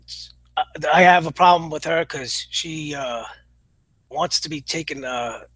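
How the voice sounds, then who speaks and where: A man giving a casual spoken review of a comedy show, blunt and opinionated, halting often with "uh" fillers. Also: on the high side, bright, forceful tone, husky, no echo, low-quality recording. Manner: halting, full of pauses and "uh" fillers.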